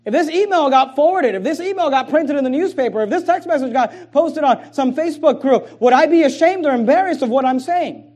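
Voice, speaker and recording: A man, a pastor, preaching a sermon, swinging between soft low asides and loud emphatic lines, with frequent repeated words and restarts. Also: expressive, fairly quick, few pauses.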